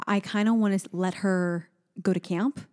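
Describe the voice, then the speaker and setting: A woman's voice: mid-range voice, moderate pace. A woman in her thirties, a podcast co-host and mother, chatting casually and acting out little quotes as she tells stories. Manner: chatty, animated storytelling with voiced quotes. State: sleepy. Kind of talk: casual chat.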